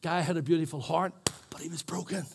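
Earnest high-voiced New pastor. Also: male voice, steady tone, a little fast, vocal fry, slight background noise. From New Zealand. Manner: earnest, chatty, self-deprecating storytelling. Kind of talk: sermon. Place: church.

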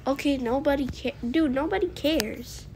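A woman's voice: high voice, moderate pace, warm tone, a little hiss or hum. A woman gamer in playful banter, silly and giggly, squealing and yelping as she plays.

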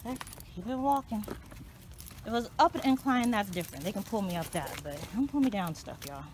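A woman's voice: mid-range voice, very animated, quick pace, darkish tone. Woman, casual vlog chat, says y'all, talks to her dogs, handheld phone, outdoors, noisy background. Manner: chatty, addresses viewers as y'all, coos at her dogs. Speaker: vlogger walking her dogs. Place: outdoors on a hiking trail, then a home yard.

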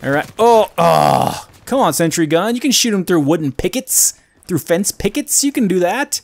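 Casual male let's-play commentator, self-deprecating, animated delivery with sudden yelps. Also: high voice, brisk, dry recording. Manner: self-mocking, excitable outbursts and muttering. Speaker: gaming commentator.

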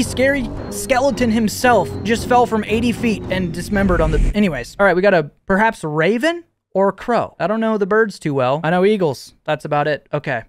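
Young male host, bright high voice, slangy incredulous meme reactions, music bed under him. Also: a little fast, hardly any pauses. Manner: joking, incredulous, slangy with "bro" and "dude". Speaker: YouTube host. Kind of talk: casual meme reaction commentary.

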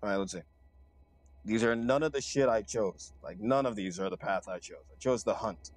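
A young man commenting casually on a video game he is playing, swearing a lot and switching between flat muttering and loud outbursts. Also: lowish voice, moderate pace. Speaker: gamer streamer. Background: game music.

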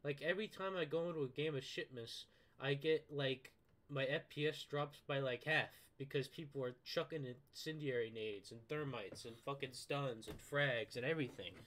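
A man's voice: mid-range voice, moderate pace, a bit bright. A man ranting about a video game, swearing constantly in a heated, exasperated way. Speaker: gaming vlogger. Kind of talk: profane gaming rant.

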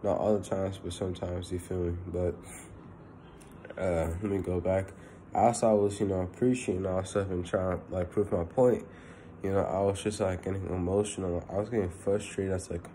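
Young male preacher, dark mellow tone, loose rambling delivery, sincere and personal. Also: low voice, steady tone, normal speed, a little hiss or hum. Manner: rambling, lots of fillers like "you know"; earnest and personal. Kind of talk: casual spoken sermon.

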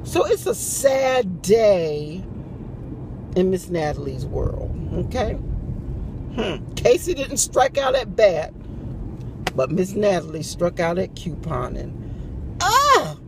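A couponing vlogger talks casually to camera, dramatic and playful, hollering and laughing often with a slow, drawn-out delivery. Her voice is on the low side with big pitch swings and vocal fry, and there's background noise.

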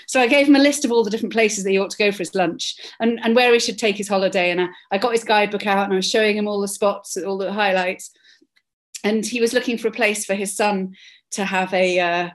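Chatty middle-aged woman from Scotland. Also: medium pitch. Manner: chatty, animated storyteller, acts out quoted voices. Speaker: interview guest. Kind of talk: casual storytelling.

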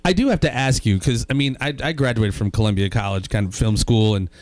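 A man's voice: on the low side, quick pace, a little mellow, dry recording. A man co-hosting a radio interview show, asking rambling, enthusiastic questions in the studio.

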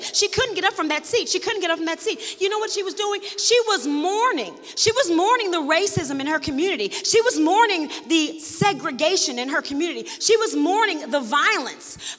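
A woman pastor preaching a storytelling sermon, building to shouted emphasis, in a large hall at a worship service. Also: sits high.

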